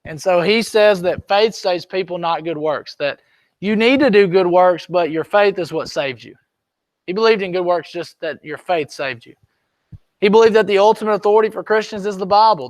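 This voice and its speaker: Man, classroom lecture, high voice, dry sound. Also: no echo. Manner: conversational, checks on students often. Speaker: history teacher.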